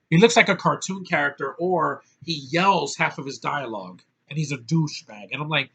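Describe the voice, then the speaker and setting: A man's voice: on the high side, animated, normal speed, bright, forceful tone, breathy edge. A man giving a casual, blunt and profane movie review from a small hot room, with many fillers.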